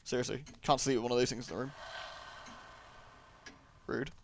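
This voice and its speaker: A man's voice: mid-range voice, fairly even intonation, moderate pace, slight background noise. A young man giving chatty, joking commentary while playing a video game. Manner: joking, chatty, riffing asides. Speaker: let's play host. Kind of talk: casual gaming commentary. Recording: game sound behind the voice.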